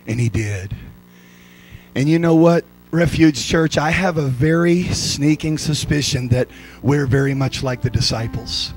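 A man's voice: mid-range voice, measured pace. A man preaching a sermon in a church, joking and laughing as he acts out voices in his stories. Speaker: pastor. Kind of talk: comedic sermon storytelling. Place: church sanctuary.

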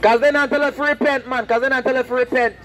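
A man preaching loudly and confrontationally on the street, repeating his lines. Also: very high-pitched, steady tone, fast talker, slight background noise, rough recording. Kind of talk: open-air street preaching. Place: outdoors on a street.

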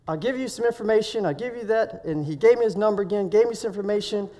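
A man speaking at a week of prayer, telling a personal story in a sermon and acting out the dialogue with lively swings of voice. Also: sits high, quick pace, few pauses. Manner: animated, acts out dialogue in his story. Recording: reverberant hall.

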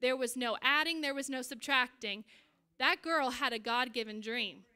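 A middle-aged woman preaches a sermon from a church stage. She tells stories with animation and energy. Her voice sits high and sounds bright and forward. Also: moderate pace, smooth. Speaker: pastor.

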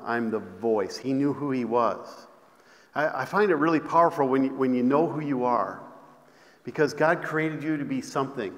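A man preaching a sermon, repeating phrases, stumbling over restarts and calling out to the congregation. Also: medium pitch. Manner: repetitive call-and-response preaching, many restarts. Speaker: pastor. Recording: long hall reverb.

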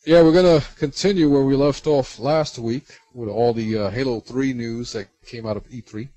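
A man's voice: mid-range voice, moderate pace, dark tone, no echo. A man co-hosting a casual gaming podcast, reading listener submissions in a loose, chatty way. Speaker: podcast co-host. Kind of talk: casual chat.

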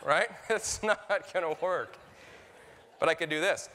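A man preaching a sermon as pastor, lively and conversational, acting out quoted voices. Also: fairly high pitch, measured pace, slight background noise. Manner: animated preaching, acts out quoted voices, laughs at own jokes. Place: church sanctuary. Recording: reverberant church hall.

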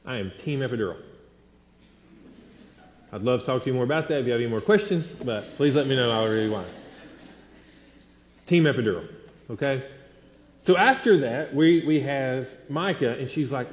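Animated preacher in an echoey hall. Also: male voice, mid-range voice, moderate pace. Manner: animated storytelling preacher, swings between loud and hushed. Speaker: pastor. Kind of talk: sermon. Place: large church sanctuary. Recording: echoey hall with long reverb.

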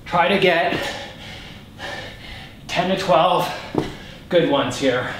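A man's voice: on the high side, extremely slow, reverberant, noisy background. A male fitness instructor coaching a home workout, counting reps aloud and calling out short commands.

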